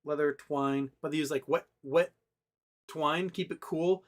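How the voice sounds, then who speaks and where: A man's voice: a little high, fairly even intonation, a little slow. A man hosting a casual livestream, rambling with lots of fillers and restarts as he reads out viewer chat. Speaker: livestream host.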